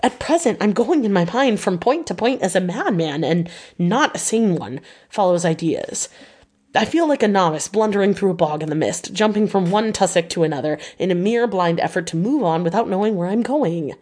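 A woman's voice: mid-range voice, animated, moderate pace, a little mellow, natural voice. A woman reading an audiobook voices an earnest young male doctor in an anxious, questioning manner.

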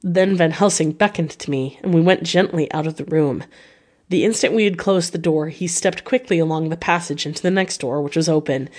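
A woman reading a classic novel aloud as an audiobook reader, in a steady, measured voice. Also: low voice.

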